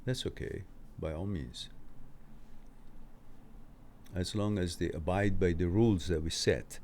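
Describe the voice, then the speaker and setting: A low, unhurried, slightly mellow male voice, with a little hiss or hum in the audio, belongs to a live-stream host. He reads viewers' chat comments aloud and responds to their questions in a relaxed, chatty manner, laughing from time to time.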